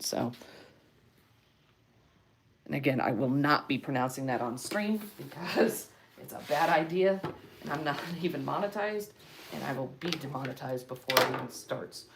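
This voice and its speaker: A woman artist talking viewers through a marker drawing on a casual livestream, unhurried and encouraging, often muttering asides under her breath. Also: a bass voice, animated, breathy edge. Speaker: comic artist streaming a marker demo. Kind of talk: casual livestream art tutorial.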